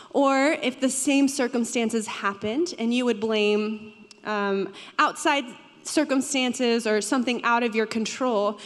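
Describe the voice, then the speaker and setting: A young woman pastor giving a sermon in a church, talking in a conversational way and asking the audience questions. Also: on the high side. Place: church hall. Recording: long hall reverb.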